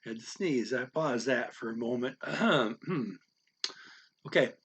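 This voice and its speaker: A man teaching the tones of Mandarin in a casual spoken lesson, unhurried and halting, stopping to demonstrate with exaggerated high and low sounds. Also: expressive, fairly bright tone, husky. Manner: unhurried, halting with fillers and restarts.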